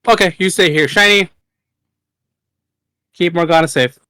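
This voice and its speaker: A man's voice: a little high, moderate pace, bright, forceful tone, no room sound. A man playing a tabletop game, joking and playful in his talk. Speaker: player.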